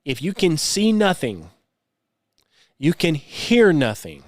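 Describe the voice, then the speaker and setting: A man's voice: on the high side, sing-song, slow, pauses often, no room sound, clean studio sound. A man hosting his own show, talking alone in a sarcastic, scoffing way with folksy phrasing. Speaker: podcast host. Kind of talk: solo commentary.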